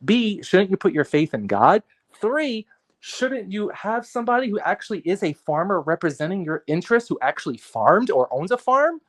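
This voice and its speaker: A man talking in a casual podcast conversation, animated and profane, repeating himself as he rants. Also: sits high, normal speed. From New York area. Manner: animated, profane, ranting with repetitions. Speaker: guest artist and photographer.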